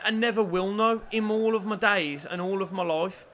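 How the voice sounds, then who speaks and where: A young man commentating his own football video game, swinging from low mutters to loud shouts and cheeky jokes. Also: normal speed, hardly any pauses, slight background noise. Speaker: gaming YouTuber.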